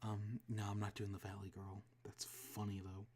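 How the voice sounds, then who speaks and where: A woman's voice: a bass voice, monotone, moderate pace, darkish tone, slight background noise. A woman streaming a game, muttering casual, self-deprecating asides about doing voices. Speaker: streamer reading a game aloud.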